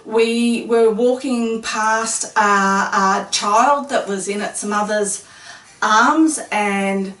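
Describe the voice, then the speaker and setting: A woman's voice: mid-range voice, fairly even intonation, extremely slow, a bit bright. A woman interviewer who asks leading questions and affirms each answer, recorded in a casual interview. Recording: echoey room, mic at a distance.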